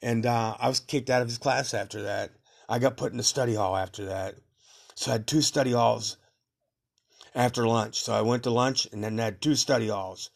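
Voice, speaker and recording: A man's voice: medium pitch, fairly even intonation, normal speed, gravelly. A man telling rambling stories about his youth in a casual podcast memoir, swearing freely and laughing at his own tales. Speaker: podcast storyteller.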